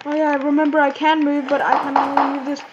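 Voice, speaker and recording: A woman doing excitable gaming commentary, squealing, laughing and talking to her viewers. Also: high voice, quick pace. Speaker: let's play host. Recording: muffled recording with steady noise.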